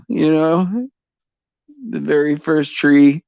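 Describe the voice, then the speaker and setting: A man with a gravelly, slightly high voice talks slowly and loosely in a casual faith chat. He rambles, stops and restarts, and chuckles as he goes. The sound is dry and a bit dull. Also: a little mellow, no echo. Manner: rambling, halting, many fillers and restarts, chuckling often.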